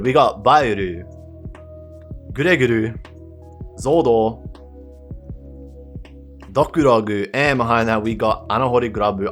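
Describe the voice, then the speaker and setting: A man giving pack-opening commentary, gushing and excitable, repeating his catchphrases. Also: mid-range voice, brisk, soft background music. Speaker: card collector opening packs.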